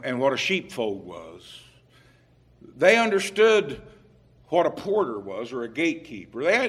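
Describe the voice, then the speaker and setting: A man preaching a sermon, unhurried with occasional fillers, growing emphatic and louder on key points. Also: medium pitch, breathy edge. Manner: emphatic, rising in volume on scripture quotes.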